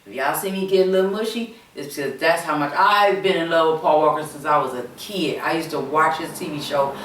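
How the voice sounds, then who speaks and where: A woman's voice: deep voice, brisk, fairly bright tone, a little hiss or hum. Woman vlogging, rambly and full of ums, mic kinda far off in an echoey room. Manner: rambling, hesitant, many fillers and repeats. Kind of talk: casual rambling chat to camera.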